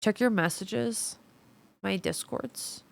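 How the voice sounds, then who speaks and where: Speaking at a slow pace in a creaky, medium-pitched voice, this Midwestern American woman livestreams, reading viewer messages out loud and swearing freely in casual chat.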